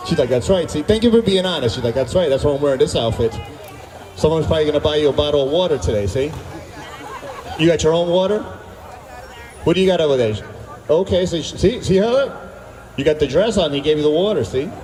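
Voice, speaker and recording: Male stand-up comic, higher voice, booming through an outdoor PA from far off. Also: fast, long pauses. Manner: animated storytelling, acting out dialogue with the crowd. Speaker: stand-up comedian. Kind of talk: stand-up comedy at an outdoor concert. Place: outdoor stage at a summer concert. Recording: echoey outdoor PA sound from far off.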